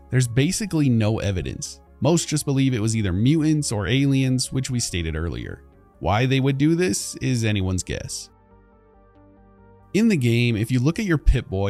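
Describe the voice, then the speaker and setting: A man's voice: medium pitch, a little mellow. A man reading a scripted video-essay narration in a casual way, speaking straight to the viewers. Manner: casual, addresses viewers directly. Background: background music.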